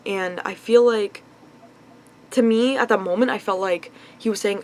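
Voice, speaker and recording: A woman's voice: mid-range voice, fairly even intonation, normal speed, slight background noise, low-quality recording. Rambling frustrated young woman venting. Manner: rambling, frequent swearing, many "like" fillers. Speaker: vlogger. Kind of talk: casual confessional vlog rant. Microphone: phone.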